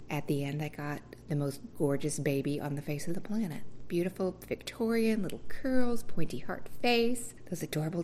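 A woman telling her own birth story in a candid, wry, casual way, acting out voices with big leaps in pitch. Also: a little mellow, a little hiss or hum.

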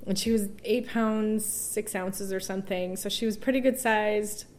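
A woman speaking as an interview guest and telling a personal story. She is emotional and halting, with restarts and soft laughs. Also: mid-range voice, steady tone, a little hiss or hum.

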